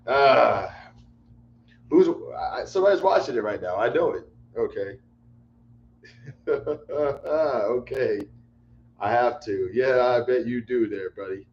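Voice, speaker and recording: A man's voice: mid-range voice, takes it slowly. A man hosting a casual livestream chat, rambling and repeating himself in exasperation. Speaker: livestream host. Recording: echoey room, dull lo-fi mic, faint hum.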